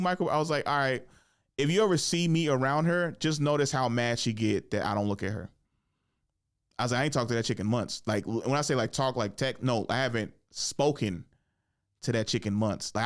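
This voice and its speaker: A young man hosting a podcast by himself, with a voice that sits at an ordinary middle pitch for a man. He rambles loosely and curses freely. When the people in his stories talk, he jumps up high to act them out and laughs. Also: brisk. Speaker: podcast host. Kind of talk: casual storytelling monologue.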